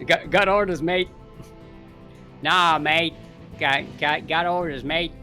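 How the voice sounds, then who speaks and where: A laid-back Australian dropship pilot, put on by a man, with a lazy, dismissive drawl that is raised and loud. The accent is put on for the bit, and faint music plays behind. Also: a little high, steady tone, slow pace, pitched above the performer's own voice.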